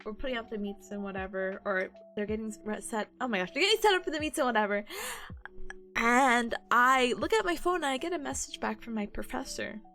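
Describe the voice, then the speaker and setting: Animated young woman telling a story. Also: on the high side, fairly quick, faint music behind. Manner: animated, acts out quoted people. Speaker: streamer. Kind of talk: casual storytelling chat.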